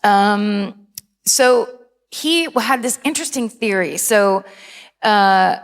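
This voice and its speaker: A woman's voice: mid-range voice, expressive, slow pace, smooth. A woman co-hosting a live comedy podcast on a theater stage, telling rambling stories with dry, self-deprecating humor. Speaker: podcast co-host. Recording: reverberant theater hall.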